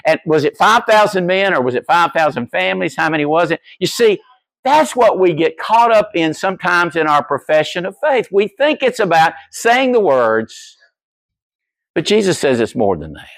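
Animated storytelling male pastor. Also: high-pitched, normal speed, vocal fry, no room sound. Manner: storytelling, animated, asks the congregation questions. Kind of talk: sermon. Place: church.

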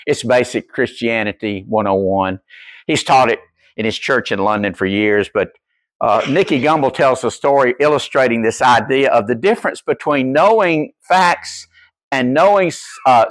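A man preaching a sermon as pastor, telling stories in an animated way and putting questions to his congregation. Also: medium pitch, no echo. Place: church.

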